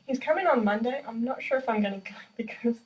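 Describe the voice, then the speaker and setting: A woman's voice: on the high side, fast. A young woman, a percussion student, casually demonstrating snare exercises in a practice room, chatty and self-deprecating with many fillers. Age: young adult. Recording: distant mic with drumming behind.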